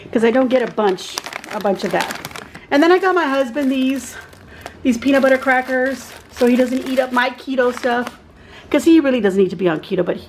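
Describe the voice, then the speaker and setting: A middle-aged woman from Texas chats in a loose, rambling way, stopping to hunt for words as she shows off her kitchen. Her voice sits a bit high with a gravelly edge. Faint household ambience hangs behind her. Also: slight background noise, rough recording. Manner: chatty, rambling, searching for words. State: out of breath. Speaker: vlogger. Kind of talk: casual home tour chat. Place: home kitchen.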